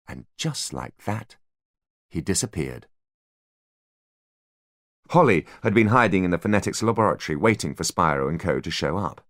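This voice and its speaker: A man reads an audiobook in an expressive, dramatic narration. His voice is very low yet moves animatedly across a wide range. The recording is dry and close, with no room sound. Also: normal speed, pauses often, no room sound. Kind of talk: scripted narration.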